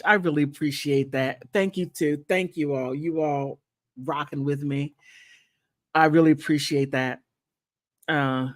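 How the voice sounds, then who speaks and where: A woman hosting a casual livestream, chatting playfully and thanking viewers, with high laughs and quiet, sincere asides. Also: no echo, studio quality. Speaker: content creator hosting a livestream. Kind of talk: casual livestream chat reacting to gossip and viewer comments.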